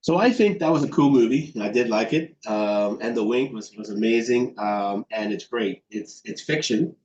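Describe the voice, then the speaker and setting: A man's voice: medium pitch, normal speed, darkish tone. A man giving interview answers on a video call, thoughtful, with many fillers and restarts. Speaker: guest expert. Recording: roomy, dull sound with faint background noise.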